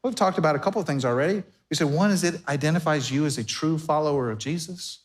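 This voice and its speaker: Before his congregation in a church sanctuary, a pastor preaches a conversational sermon, slipping into everyday back-and-forth dialogue to drive his points home. His voice is fairly high and fast.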